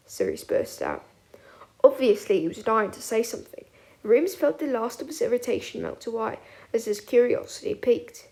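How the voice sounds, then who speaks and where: Expressive high-voiced woman narrating a story. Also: moderate pace, creaky. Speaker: audiobook reader. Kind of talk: fan audiobook narration.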